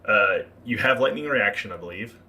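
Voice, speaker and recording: A man acting as game master, narrating a tabletop game and explaining rules with relaxed fillers. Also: on the low side, moderate pace.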